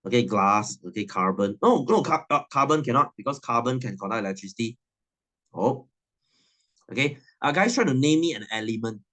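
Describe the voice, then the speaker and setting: A man's voice: mid-range voice, animated, fairly quick, a bit bright. A man, teaching a science class in a chatty, teasing way and laughing often. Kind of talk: classroom lesson.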